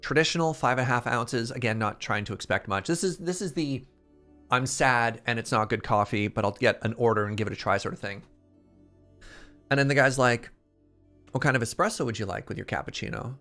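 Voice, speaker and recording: An animated man tells a rambling story in a casual stream chat. His voice sits at an ordinary middle pitch and jumps up whenever something excites him. Faint background music plays under him. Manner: animated, excitable storyteller, quick quoted asides.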